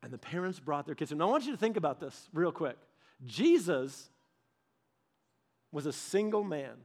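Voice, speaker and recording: In a relaxed, story-driven sermon, this high-voiced pastor speaks animatedly and performs the quoted voices himself. His delivery is chatty, peppered with "like" and sentences he starts over.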